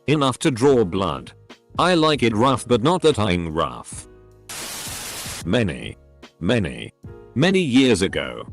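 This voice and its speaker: A man narrating anonymous online stories in a scripted reading, spelling out abbreviations letter by letter. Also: fairly low pitch.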